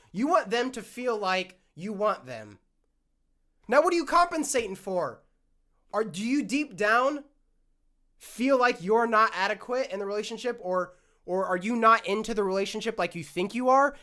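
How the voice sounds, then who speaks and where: A young man vents alone into his podcast mic, worked up and swearing as he goes. His throat is scratchy, giving the rant a rough edge. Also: high voice, fairly bright tone. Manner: worked-up, ranting, swears often. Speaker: podcast host. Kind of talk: solo ranting monologue.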